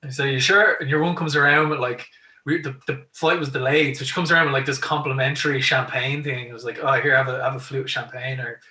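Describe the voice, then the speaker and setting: A man's voice: mid-range voice, steady tone, fast, bright, forceful tone. An Irish man hosting a podcast, telling stories in a chatty way and laughing often as he acts out quotes. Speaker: podcast host. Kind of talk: casual chat, telling stories. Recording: echoey room, mic at a distance.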